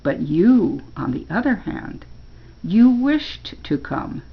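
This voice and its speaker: A woman's voice: on the low side, big pitch swings, slow pace, creaky, breathy edge, dull audio, exaggerated voice. An older woman doing a honeyed, scheming ruler. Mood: smooth. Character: smooth, manipulative male ruler, falsely kind.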